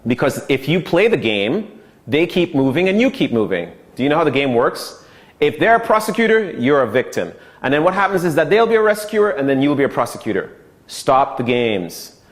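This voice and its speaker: A man teaching an online sales course in a casual, conversational way, often checking in with "okay" and acting out short quoted lines. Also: medium pitch. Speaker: sales trainer.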